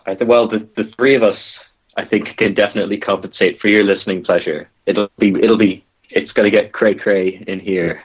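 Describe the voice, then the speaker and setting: A man's voice: lowish voice, steady tone, brisk, breathy edge. A man co-hosting a casual podcast chat with wry, self-deprecating humor. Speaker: podcast co-host. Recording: tinny phone-like line.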